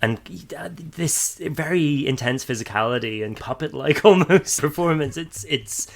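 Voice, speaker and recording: A man's voice: a little high, lively intonation, a little slow, creaky. An Irish man co-hosting a podcast, chatting loosely about a film, laughing often and restarting his sentences. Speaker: podcast co-host. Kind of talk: casual film discussion.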